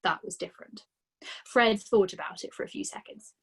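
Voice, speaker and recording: A woman reading a children's story aloud for a storytime, expressive with dramatic pauses. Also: mid-range voice, vocal fry, breathy edge.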